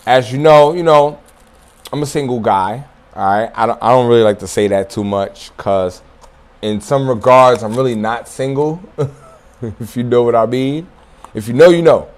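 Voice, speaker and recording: On his own martial arts channel, a man with a mid-range, darkish voice delivers a casual solo monologue to viewers. He talks loosely and profanely, chuckling and repeating points for emphasis.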